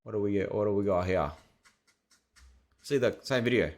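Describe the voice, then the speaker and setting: A man's voice: on the low side, normal speed, darkish tone. A man with an Australian accent reviewing websites as an SEO consultant, thinking aloud in a casual, rambling way. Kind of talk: casual screen-share commentary.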